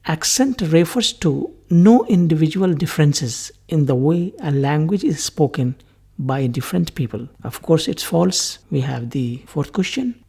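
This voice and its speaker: A man's voice: fairly high pitch, vocal fry, mellow, husky. A man giving a recorded English language lecture, methodically repeating key terms and moving on with set phrases. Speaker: English teacher.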